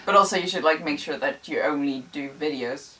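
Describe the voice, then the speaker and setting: A young woman chatting casually as co-host, relaxed and quick with little agreements and comments. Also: low-pitched, far from the mic, poor audio. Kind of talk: casual chat.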